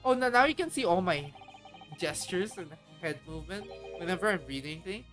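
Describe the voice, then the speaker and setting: Bubbly female streamer, animated swooping pitch, casual chat over faint music. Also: fairly quick. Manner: bubbly, excitable, greets chat.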